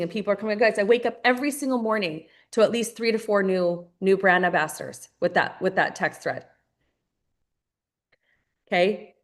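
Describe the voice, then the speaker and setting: Her voice sits at a medium pitch with a slightly bright edge. She runs a live online training for new team members, keeping things upbeat and direct, calling her audience "you guys" and repeating phrases to drive points home.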